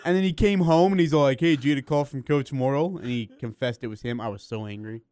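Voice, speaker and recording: Smooth-voiced man cohosting on radio. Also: medium pitch, fast. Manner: playful, lively storytelling. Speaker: radio co-host. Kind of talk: casual radio banter. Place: radio studio. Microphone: studio mic.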